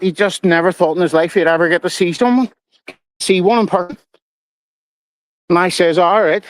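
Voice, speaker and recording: A man's voice: sits high, fairly bright tone, no room sound, low-quality recording. Middle-aged male streamer, sweary and rambling, dry close mic. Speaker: livestream host. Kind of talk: casual livestream chat.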